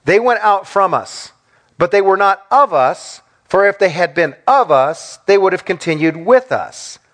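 Animated, lively-pitched male preacher. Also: measured pace. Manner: animated preaching with rhetorical questions; acts out quoted speech in small voices. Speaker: pastor. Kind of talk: sermon.

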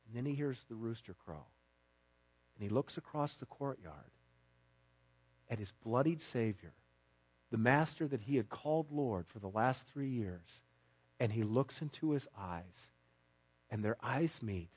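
A male pastor preaching a sermon in church, acting out the voices of the story with dramatic swings from loud to hushed. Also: medium pitch, lively intonation, unhurried, pauses often, slightly rough. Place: church sanctuary.

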